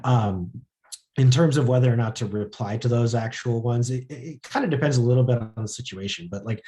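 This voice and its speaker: A man with a mellow, rounded voice runs an informal workshop for a small group. He talks loosely and easily, filling his sentences with casual filler words as he explains. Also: mid-range voice, fairly quick. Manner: relaxed, lots of filler words. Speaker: social media workshop presenter.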